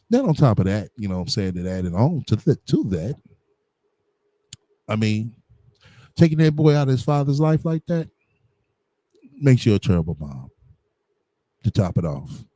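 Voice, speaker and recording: A man runs a livestream commentary, blunt and combative, with plenty of profanity and slang fillers. His voice sits low with a warm, dark tone, recorded dry with no room around it. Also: no echo. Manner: blunt, combative, heavy on slang and "you know what I'm saying".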